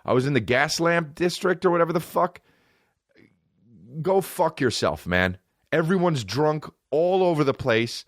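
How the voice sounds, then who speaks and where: A man's voice: on the high side, lively intonation, measured pace, no room sound, studio quality. A man hosting a podcast, delivering a heated, profane rant with emphatic repetition. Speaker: podcast host and comedian. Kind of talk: profane ranting monologue.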